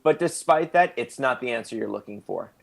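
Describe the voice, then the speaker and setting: A man's voice: mid-range voice, expressive, a little fast, gravelly. A man narrating as game master in a casual, playful way.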